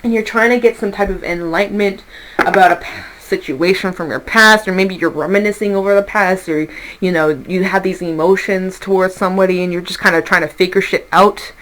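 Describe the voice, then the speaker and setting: A woman's voice: on the low side, steady tone, a little fast, fairly bright tone, slight background noise, poor audio. A woman giving a casual tarot reading, chatty and reassuring, laughing now and then and swearing lightly. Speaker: tarot reader.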